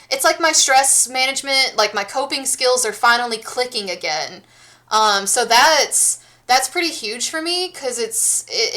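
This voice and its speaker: A woman's voice: a little high, bright, forceful tone. A woman in her thirties from the United States, chatting casually with her stream viewers and rambling along with many restarts and fillers.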